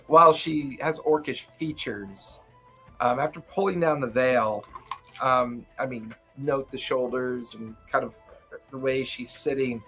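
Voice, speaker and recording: A man's voice: mid-range voice, pushed and bright, breathy edge. A man running a tabletop game as game master, narrating loosely with many fillers, with faint music behind.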